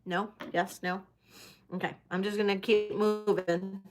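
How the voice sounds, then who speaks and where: A woman running a casual live-stream jewelry auction, talking at a slow, easy pace. She is chatty and hesitant, full of ums and restarts, with a mid-range voice. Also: mid-range voice, little pitch movement, faint music behind. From United States. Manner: chatty, hesitant with many fillers.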